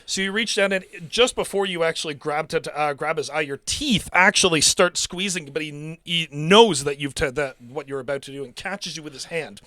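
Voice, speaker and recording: A man's voice: fairly high pitch, moderate pace, hardly any pauses, sharp tone. A man narrating a tabletop game as game master, vividly describing the action with spoken sound effects.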